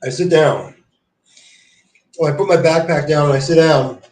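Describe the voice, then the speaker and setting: A man's voice: on the high side, steady tone, moderate pace, darkish tone. Rambling, profane man in echoey room. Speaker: livestreamer. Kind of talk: casual livestream chat.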